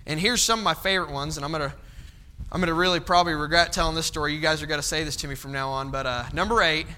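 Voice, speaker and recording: A man's voice: fairly high pitch, steady tone, racing, bright, forceful tone, smooth. A young man preaching a folksy sermon, telling stories and acting out his father's stern voice. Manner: folksy, storytelling, acts out his dad's stern voice.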